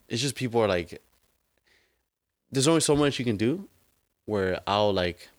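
A man's voice: lowish voice, expressive, measured pace, no room sound, clean studio sound. A young man on a casual podcast, telling a long story in a rambling, slangy way full of fillers. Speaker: podcast co-host. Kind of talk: casual chat.

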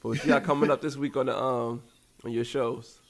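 Gravelly male podcast co-host, casual storyteller who acts out quotes. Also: mid-range voice, brisk. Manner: animated storyteller acting out quotes.

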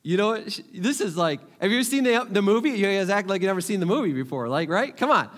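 A middle-aged man preaching a sermon as a pastor, animated, repeating his phrases and asking the crowd questions. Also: sits high, fast.

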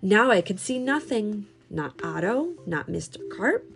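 A woman reading a children's story aloud in a slow, expressive, sing-song way. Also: mid-range voice, vocal fry, soft background music.

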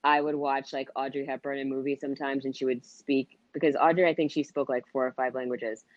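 A woman's voice: very deep voice, level tone, a little fast, dry recording, muffled recording. A woman co-hosting a podcast, chatting enthusiastically with jokes and exclamations. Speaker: podcast co-host. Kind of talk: casual chat.

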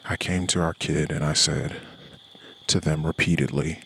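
A man's voice: very deep voice, level tone, normal speed, fairly bright tone, a little hiss or hum. A middle-aged man, a podcast host, ranting in a profane personal monologue. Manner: profane, ranting, with heated quoted asides.

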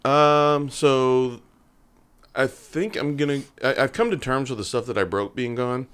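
Man, podcast co-host, smooth resonant voice, joking, casual banter. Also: mid-range voice, steady tone, fairly bright tone. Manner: joking, quick asides, chuckles. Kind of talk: casual chat.

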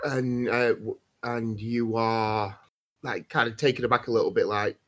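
A man's voice: mid-range voice, steady tone, a little slow, fairly bright tone. A man playing a character in a tabletop game, speaking hesitantly with many ums and restarts. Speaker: player. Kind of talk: tabletop role-play.

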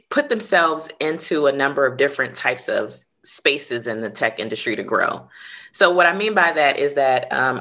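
Low, bright-voiced female CEO guest. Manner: thoughtful, many restarts and fillers. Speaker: tech company CEO, guest. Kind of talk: interview answers.

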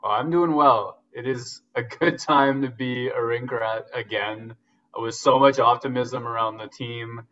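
A man's voice: medium pitch, fairly even intonation, a little slow, fairly bright tone, distant mic, dull audio. A man guesting on a sports podcast, eager and openly emotional about the games, filling gaps with "like" and "um". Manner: enthusiastic, gets emotional, fillers like "like" and "um". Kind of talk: casual sports chat.

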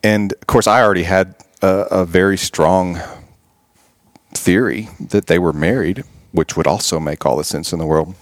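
A man's voice: low-pitched, normal speed, no room sound. A man, a podcast guest and author, earnestly retelling scenes and reflecting on them in an interview. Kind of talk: storytelling in an interview.

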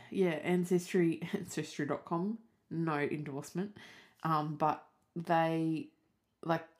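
A young woman with an Australian accent talks through a relaxed solo podcast. Her voice sits a little low, and she rambles along with plenty of "like" and "um" between her thoughts. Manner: chatty, rambling, peppered with "like" and "um". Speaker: podcast host. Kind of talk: casual solo podcast chat.

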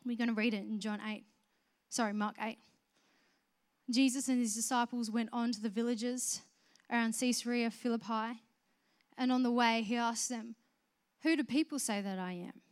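A woman preaching a sermon, swinging from soft, conversational explanation to loud, emphatic proclamation. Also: fairly high pitch, fairly even intonation, normal speed, clear, resonant tone. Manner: conversational, with restarts and filler words.

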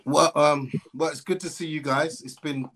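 A man speaking as a guest on a stream, halting and repetitive, with frequent fillers. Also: on the high side, steady tone, a bit bright, soft background music. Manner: halting, with many fillers and repeated words. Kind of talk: casual conversation on a stream.

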